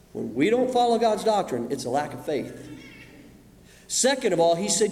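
High-voiced preacher man in an echoing hall. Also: very animated, moderate pace. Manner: dramatic, swings from loud emphasis to hushed asides. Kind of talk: sermon. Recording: echoey hall with long reverb.

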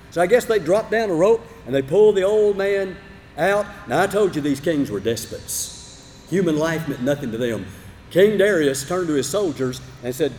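High, lively-voiced preacher in a hall. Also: male voice, normal speed. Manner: dramatic Bible storytelling, swinging between loud emphasis and low asides. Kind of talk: sermon. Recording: long hall reverb, faint background noise.

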